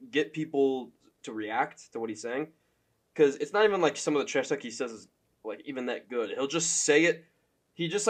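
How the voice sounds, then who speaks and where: Casual, profane young male fan commentator. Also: mid-range voice. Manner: loose, profane, laughing, filler-heavy.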